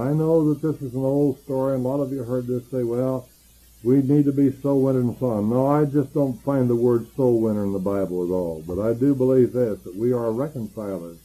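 Earnest preacher man, very mellow voice. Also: rough recording. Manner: earnest, rises in emphasis then drops low for story. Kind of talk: sermon with storytelling.

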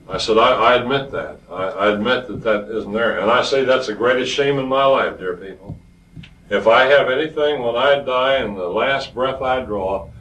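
An older man preaching a sermon in an earnest, halting way, often repeating words as he goes. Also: mid-range voice, fairly bright tone. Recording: dull, roomy, distant from the mic.

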